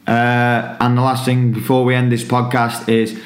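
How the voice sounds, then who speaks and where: A man's voice: medium pitch, completely flat delivery, moderate pace, reverberant. A man hosting a casual football podcast, laid-back as he plugs his coaching camps.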